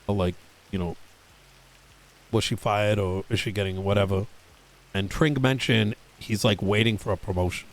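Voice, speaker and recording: A man playing a police boss in a roleplay game, talking in a halting, casual way with fillers and swearing. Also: lowish voice, steady tone. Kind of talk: casual in-character roleplay chat.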